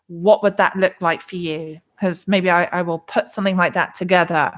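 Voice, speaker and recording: This crypto channel host, an Englishwoman, chats through viewer comments on a relaxed livestream from her Arizona condo, using lots of fillers and restarting often as she rambles. She speaks at normal speed with a fairly low pitch and a steady tone.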